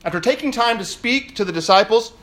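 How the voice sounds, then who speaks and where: A middle-aged man preaching a sermon as pastor, telling a story in a lively, dramatic way. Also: high-pitched, brisk.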